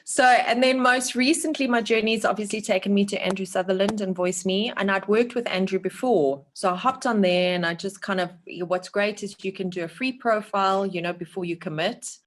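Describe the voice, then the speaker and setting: A woman's voice: mid-range voice, fairly quick, few pauses, a little hiss or hum. A woman from South Africa, a voice-over artist, chatting freely in an interview with many asides. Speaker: voice-over guest. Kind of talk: casual interview chat.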